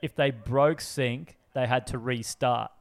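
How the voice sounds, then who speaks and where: A man's voice: medium pitch, steady tone, slow, vocal fry. A man co-hosting a casual podcast chat, running through odd news stories with swearing and frequent laughs. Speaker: podcast co-host.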